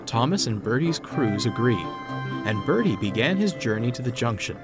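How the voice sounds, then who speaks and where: Expressive male storybook narrator. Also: mid-range voice, normal speed, over music.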